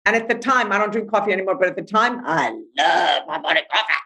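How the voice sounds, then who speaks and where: A woman's voice: medium pitch, expressive, quick pace, bright, forceful tone, rough recording. A middle-aged woman life coach, speaking bluntly and animatedly in a podcast interview, acting out voices as she talks.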